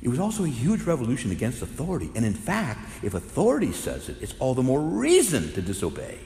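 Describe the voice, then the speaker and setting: A man who is a Catholic priest, preaching a sermon with lively storytelling that swings from hushed to loud. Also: mid-range voice, fast talker. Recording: echoey hall with faint noise.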